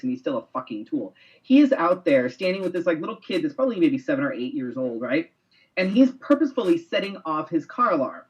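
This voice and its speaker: Guy cohosting a web show, kinda high voice, swears a lot telling a story, muffled lo-fi stream audio. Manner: profane, animated storyteller. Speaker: co-host. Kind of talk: casual chat, storytelling.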